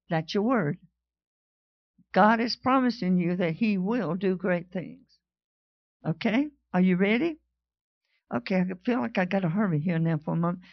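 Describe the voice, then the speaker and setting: A woman's voice: medium pitch, normal speed, dry recording. A woman preaching a sermon, telling a story and reading scripture aloud with rising fervor. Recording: dull lo-fi sound.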